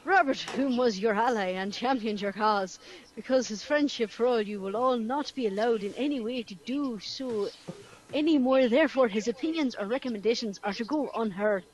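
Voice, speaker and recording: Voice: mid-range voice, normal speed, lightly acted, rough recording. A group podcast member voicing a stereotypical Irish leprechaun, reading a stern email in a mock-pompous way. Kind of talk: comic dramatic reading.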